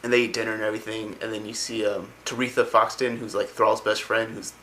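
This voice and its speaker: Young man, lowish pitch, forceful tone, rambling, enthusiastic, casual retelling. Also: flat delivery, quick pace, a little hiss or hum, poor audio. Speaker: lore explainer.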